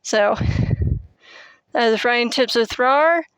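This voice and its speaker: A young woman in her twenties gives casual writing tips in a slightly high, smooth voice. She rambles, fills gaps with "like" and "um", and pokes fun at herself. Her headset mic gives a dry, close sound. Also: slow pace, a bit bright, no room sound. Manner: rambling, filler-heavy, self-deprecating. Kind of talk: casual teaching monologue.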